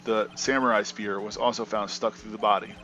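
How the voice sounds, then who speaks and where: A man voicing a male TV news anchor in a fan game dub, reading in an even, formal way. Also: on the low side, a little fast, highs cut off, slight background noise.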